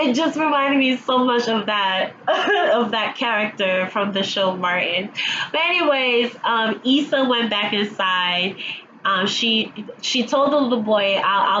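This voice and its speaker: A woman's voice: fairly high pitch, pushed and bright. A woman with allergies chatting through a casual episode recap vlog at home, acting out the characters' lines as she goes. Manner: chatty storyteller, acting out quotes, laughing along. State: stuffy with allergies. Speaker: TV episode reviewer. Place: at home, sirens passing outside. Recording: dull home recording with audible background noise.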